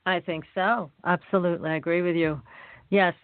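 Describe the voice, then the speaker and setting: A woman's voice: fairly low pitch, steady tone, a little fast, dry recording. Woman host on a tinny phone line. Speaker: radio show host. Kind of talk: casual phone interview.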